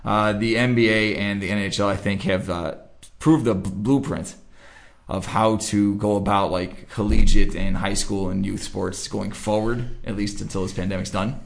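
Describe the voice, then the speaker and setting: A man with a low, gravelly voice hosts a casual sports podcast. He keeps it loose and joking as he steers the talk between friends. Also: fairly even intonation, normal speed. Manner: loose, joking, wraps up the show. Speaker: podcast host.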